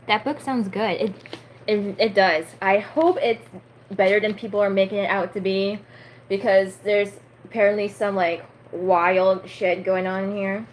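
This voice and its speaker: A woman's voice: medium pitch, steady tone, a little slow, a little hiss or hum, poor audio. A twenty-year-old woman chatting casually on a live stream and reading a book aloud, full of fillers and stumbling over unfamiliar words.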